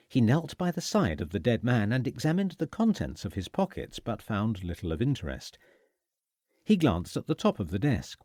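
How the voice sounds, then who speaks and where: A male audiobook narrator telling a period mystery with an animated, lively intonation. His voice sits in an ordinary middle pitch. The recording is dry and close, with no room sound. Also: dry recording. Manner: expressive storytelling.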